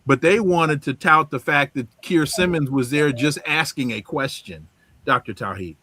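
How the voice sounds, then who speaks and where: A man hosting a podcast panel, moderating and turning to his guests in a halting way. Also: fairly high pitch, sharp tone, a little hiss or hum. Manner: halting, restarts often when turning to guests. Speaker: podcast host.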